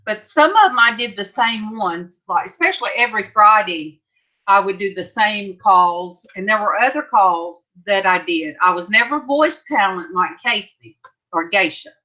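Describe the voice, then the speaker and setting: A middle-aged Californian woman hosts a livestream from her home craft room, chatting and rambling as she answers viewers' comments. Her medium-pitched voice is bright and forceful, with lively intonation and a moderate pace. The lo-fi recording sounds slightly dull.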